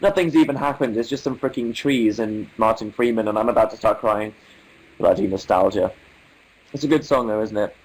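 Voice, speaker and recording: A man's voice: on the low side, brisk, a little mellow, low-quality recording. A young English man hosting a casual livestream, reading viewer comments aloud with wry, amused asides in an articulate manner. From England. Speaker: livestream host.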